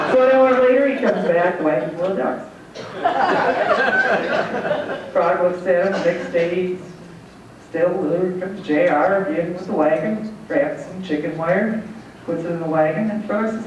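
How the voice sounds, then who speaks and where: A woman's voice: mid-range voice, measured pace, a little mellow, a little hiss or hum. A folksy woman gives an award acceptance speech, thanking friends and telling a joke that she laughs along with. She stands well back from the microphone in a big echoing hall. The sound is dull and muffled. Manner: folksy, laughs at her own jokes. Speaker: award recipient giving thanks. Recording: echoey hall, distant mic, dull sound.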